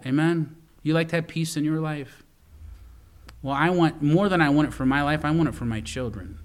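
A man's voice: a little high, moderate pace. Earnest preaching man. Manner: earnest, storytelling, with stumbling restarts. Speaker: pastor. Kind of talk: sermon.

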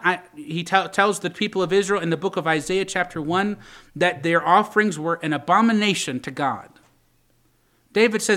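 Bright-voiced man preaching a sermon. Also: sits high, normal speed. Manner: impassioned preaching, quoting scripture in old English, pleading voice for David. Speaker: pastor.

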